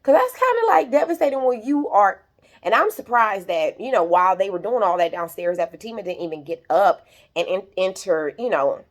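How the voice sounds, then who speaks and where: A woman's voice: medium pitch, lively intonation, fairly quick. A young woman recapping a TV episode in casual, gossipy chat, talking straight to her viewers and acting out the characters' lines. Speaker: YouTube show recapper. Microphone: compact camera.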